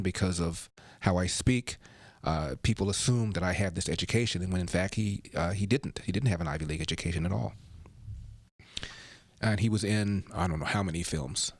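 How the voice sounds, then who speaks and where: A middle-aged man hosting a talk show, with a very low voice and a close, dry sound. He tells anecdotes in a reflective way and often restarts his sentences. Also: breathy edge, no echo. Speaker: talk radio host.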